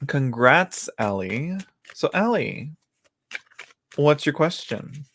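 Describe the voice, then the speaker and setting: A man's voice: a little high, big pitch swings, slow, fairly bright tone, slight background noise. A man hosting a live tarot reading, chatting casually with viewers, laughing often and talking to himself as he goes through the cards. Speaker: tarot reader hosting a livestream. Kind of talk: casual livestream chat. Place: indoors at home.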